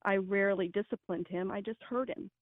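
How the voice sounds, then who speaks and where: A woman's voice: mid-range voice, brisk, no room sound. A woman guest on a radio show, giving parenting advice in an earnest, emphatic way. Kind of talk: radio interview. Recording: tinny phone line.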